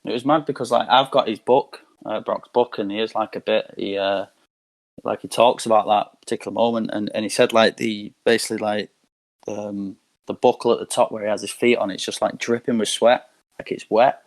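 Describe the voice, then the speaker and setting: A man's voice: fairly low pitch, fairly even intonation, brisk. A man, a guest on a podcast, chatting casually and rambling, filling his speech with "like". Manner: rambling, heavy use of "like". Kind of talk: casual chat.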